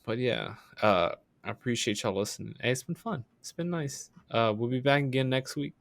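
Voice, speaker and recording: A man's voice: normal speed, vocal fry, few pauses. A man co-hosting a casual comedy podcast, joking and laughing often, reading out the sign-off. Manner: laughing, joking, animated pitch swings. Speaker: podcast co-host.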